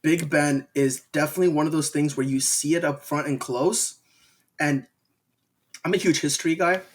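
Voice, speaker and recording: A man's voice: on the high side, normal speed. A young American man, a podcast guest, telling travel stories in casual, rambling chat full of slang. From United States. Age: young adult. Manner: rambling, animated storytelling with slang.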